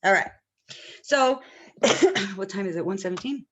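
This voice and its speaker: A woman's voice: mid-range voice, animated, a little slow, a bit bright. A woman teaching an online class, talking casually and often checking that students follow. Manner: chatty, asks the class questions often.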